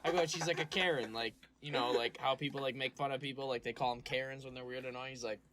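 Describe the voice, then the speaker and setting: Young guy telling lively stories. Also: mid-range voice, a little fast, a crowd in the background. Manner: animated storyteller, acts out quotes, swears freely. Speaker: podcast co-host. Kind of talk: casual chat.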